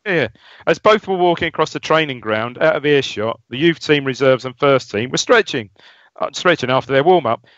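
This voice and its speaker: A man's voice: mid-range voice, expressive, a little fast, fairly bright tone, no echo. A man co-hosting a casual football podcast, chatty and jokey, often restarting his sentences. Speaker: podcast co-host. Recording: dry, dull lo-fi sound.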